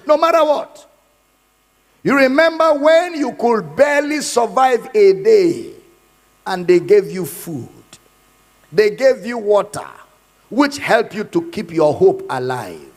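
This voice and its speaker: A man's voice: sits high, big pitch swings, measured pace. A man preaching a sermon in a church, emphatic and given to repeating his points. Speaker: pastor. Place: church hall. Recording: hall reverb.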